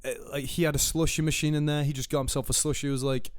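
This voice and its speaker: A man's voice: a little high, little pitch movement, rapid-fire, clean tone, no echo, studio quality. A young man co-hosting a podcast, telling a long travel anecdote in a rambling, casual way, acting out the people he met. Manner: rambling anecdotes with quoted voices, swearing. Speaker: podcast co-host. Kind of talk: casual storytelling chat.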